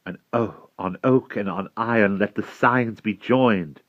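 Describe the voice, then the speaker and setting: A gentle, regal old lady, voiced by a man reading aloud, her lines lifted a little above his usual deep tone. She speaks solemnly and kindly. The recording is dry and a bit dull. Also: measured pace, no echo, natural voice.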